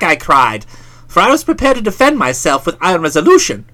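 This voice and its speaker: A woman's voice: on the low side, huge pitch swings, fairly quick, pushed and bright. A woman narrating a first-person comic audiobook in a wry, theatrical, mock-pompous manner.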